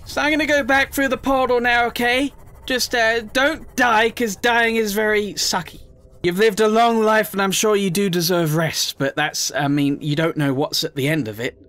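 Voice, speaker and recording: A man giving chatty, emotional let's play commentary, often squealing up high in excitement.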